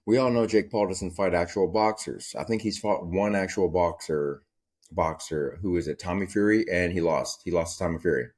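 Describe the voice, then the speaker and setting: A man's voice: sits low, normal speed, a little mellow. A young man hosting a casual solo podcast, telling stories in a profane, rambling way. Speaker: podcast host.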